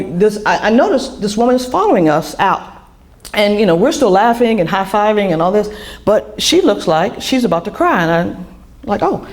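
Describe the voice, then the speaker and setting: A woman's voice: mid-range voice, darkish tone. Woman telling a caregiving story candidly. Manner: candid storyteller, many restarts and fillers. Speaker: author and speaker. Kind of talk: personal talk to an audience.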